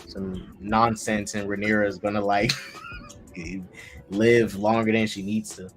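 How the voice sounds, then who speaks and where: A man co-hosting a casual TV review chat, talking with excited energy and stumbling over his own restarts. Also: fairly low pitch, slow, over music. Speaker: podcast host. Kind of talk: casual group chat about TV.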